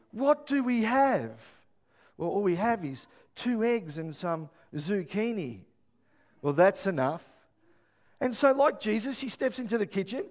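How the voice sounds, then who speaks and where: A middle-aged man, preaching a sermon and telling family stories with animated, acted-out voices. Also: very high voice. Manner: animated storytelling, acts out voices. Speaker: pastor.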